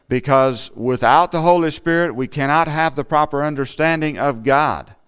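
Guy preaching at church, smooth clear voice, earnest and chatty, lots of "you know". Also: fairly high pitch. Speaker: lay preacher. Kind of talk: sermon.

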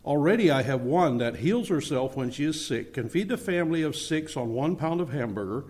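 A man's voice: on the high side, expressive, fairly quick, a little mellow, natural voice. A man voicing God, a patient and proud male creator, while reading a story aloud in a sermon. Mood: fond, earnest. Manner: earnest storytelling read-aloud.

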